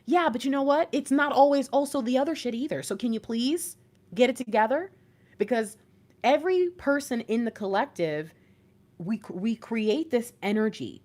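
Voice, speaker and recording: Woman, live-stream reader host: blunt, slangy, bright higher voice with a swooping lively delivery. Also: a little fast. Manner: blunt, animated, slangy, with laughs. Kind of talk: live-streamed pep talk to viewers.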